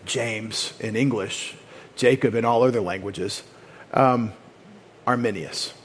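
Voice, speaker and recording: A man's voice: medium pitch, slow, slight background noise. Man teaching a doctrinal sermon. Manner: explanatory, with frequent restarts and quoted voices. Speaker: pastor.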